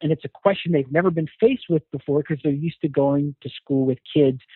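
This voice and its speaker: A man appears as a guest coach in a casual interview, explaining things with earnest, thoughtful care. His voice is on the high side and brisk, with no room sound, over a dry, tinny phone line.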